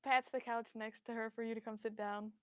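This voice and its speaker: A woman narrating a tabletop role-playing scene as game master, descriptive and relaxed, with fillers. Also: a little high, a little fast, clean tone, no room sound.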